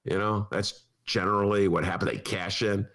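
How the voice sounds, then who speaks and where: A male talk show host in casual political chat, rambling and animated, laughing often. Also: on the low side, moderate pace.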